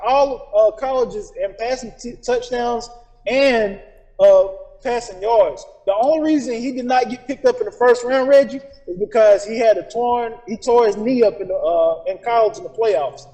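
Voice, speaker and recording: A man co-hosting a casual podcast, loud and excitable, with profane trash talk about his football team. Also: very high-pitched, low-quality recording. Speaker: podcast co-host. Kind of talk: casual chat.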